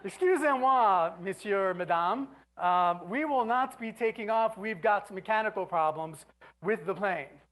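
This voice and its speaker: A woman's voice: mid-range voice, lively intonation, a little slow, natural voice. A woman putting on a male airline captain giving a formal, apologetic announcement in a French-tinged voice.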